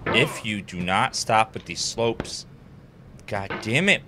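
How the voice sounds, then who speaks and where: A young man streaming a frustrating climbing game, swearing a lot and breaking into sudden angry shouts. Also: on the low side, lively intonation, slow, noisy background. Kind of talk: frustrated gameplay commentary.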